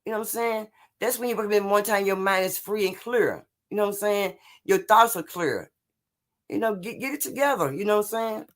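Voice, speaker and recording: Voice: mid-range voice, a little fast. A live stream host giving a casual motivational talk, rambling and repeating themselves, constantly checking in with "you know what I'm saying" and answering viewer comments. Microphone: streaming setup.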